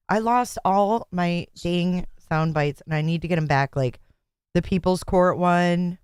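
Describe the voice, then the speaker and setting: A woman's voice: fairly low pitch, a little slow, darkish tone, smooth, dry recording, clean studio sound. Chatty woman hosting a livestream. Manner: chatty, joking, laughs often. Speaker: livestream host. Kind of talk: casual livestream chat.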